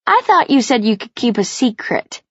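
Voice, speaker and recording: A friendly, easygoing teenage boy who speaks softly, as a woman narrator voices him in a storybook reading. The voice is husky, and the sound is dry and a bit dull. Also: a little high, very animated, normal speed, dry recording. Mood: joking. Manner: soft and easygoing.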